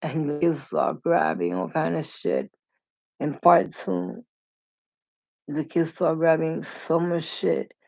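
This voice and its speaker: A woman's voice: deep voice, slow pace, creaky, darkish tone, no room sound. A woman telling rambling stories in a casual vlog, acting out the people in them as she goes. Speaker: storyteller. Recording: dull lo-fi recording.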